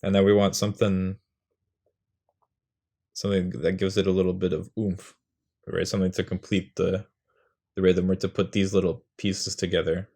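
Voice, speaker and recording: A young man with a deep, mellow voice explains poem-writing at a normal speed, keeping a level tone and pausing often. As a poetry tutorial host he's casual, rambling and self-mocking, saying rhythms aloud.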